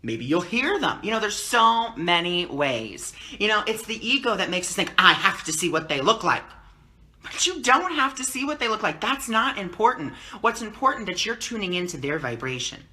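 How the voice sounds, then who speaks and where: A man talking calmly and teacherly on a live stream as a spiritual teacher, answering viewer comments and often checking in with "okay?". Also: high voice, moderate pace, hardly any pauses. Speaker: spiritual teacher and card reader.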